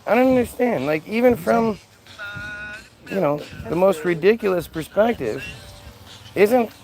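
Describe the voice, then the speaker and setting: A man's voice: sits high, animated, unhurried, a little mellow, faint music behind, rough recording. A man hosting a livestream, talking casually in a sarcastic, mocking, profane way. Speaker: livestream host reading chat.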